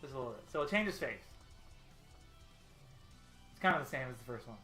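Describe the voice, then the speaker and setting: A man's voice: mid-range voice, lively intonation, fairly quick, pushed and bright. Chatty man in an echoey room. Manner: rambling, chatty, laughs often. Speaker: artist hosting a storyboarding stream. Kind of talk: casual live-stream chat while working. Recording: echoey room with faint music.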